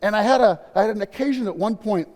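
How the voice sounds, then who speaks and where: A man's voice: high-pitched, quick pace, darkish tone. A man in his sixties gives a personal story talk at a conference, upbeat and humorous, acting out quotes. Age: 60s. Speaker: patient speaker at a nursing conference. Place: conference hall. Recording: long hall reverb.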